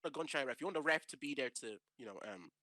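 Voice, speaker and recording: A man talks casually on a podcast, restarting often and acting out what others say. His pitch swings widely in a bright, slightly raised voice, recorded dry and close. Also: fast talker, no echo, rough recording. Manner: animated, restarts often, acts out quotes. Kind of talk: casual chat.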